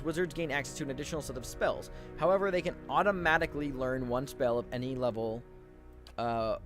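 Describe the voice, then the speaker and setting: A man hosting a casual let's-play, chatting to viewers with many stumbling restarts and reading game text aloud. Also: a little high. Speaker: gaming video host.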